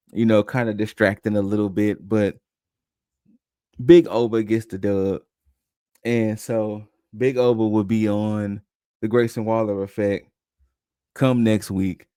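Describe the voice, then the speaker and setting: Here a young adult man with a lowish, warm voice recaps wrestling on a podcast he co-hosts. He keeps it loose and conversational, briefly acting out quotes as he goes, and the audio carries no echo.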